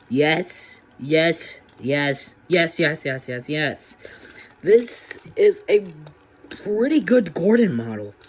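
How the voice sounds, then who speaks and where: A man's voice: a little high, slight background noise. Chatty man reviewing a toy train. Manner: chatty, rambling, with restarts and filler. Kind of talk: casual hobby review.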